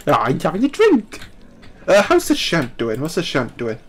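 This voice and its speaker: A young man, excitedly commenting on a dinosaur game while he plays, laughing often and talking to the screen. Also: on the high side, moderate pace, slight background noise. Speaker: gaming YouTuber. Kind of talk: live gameplay commentary.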